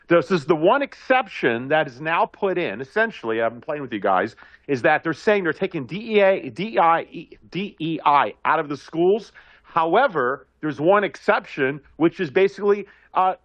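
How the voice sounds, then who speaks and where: A man, a guest commentator, reading political news aloud haltingly in casual talk and correcting himself as he goes. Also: mid-range voice, highs cut off.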